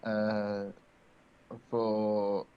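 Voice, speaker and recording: A man playing a tabletop game, describing his turn in a deliberate, halting way with many pauses. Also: on the low side, monotone, smooth, muffled recording. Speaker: player.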